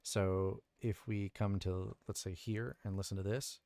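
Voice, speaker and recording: A man's voice: fairly low pitch, steady tone, measured pace, creaky, warm tone, no room sound. A male voice actor chatting casually on a livestream, explaining his editing and thinking aloud from his recording booth. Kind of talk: casual livestream chat about audio editing.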